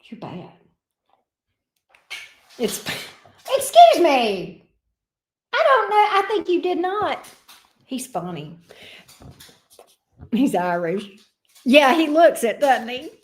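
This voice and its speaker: A woman hosts a tarot livestream in a loose, chatty way. Her voice sits a little high for a woman. She drifts into playful, fond asides as she talks. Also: very animated, takes it slowly, pauses often. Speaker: tarot reader and channel host. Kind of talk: casual livestream chat.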